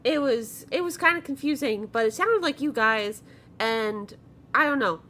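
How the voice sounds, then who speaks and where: A woman voicing a small, shrill-voiced caller who rambles hesitantly and apologetically. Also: normal speed, sharp tone. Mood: anxious.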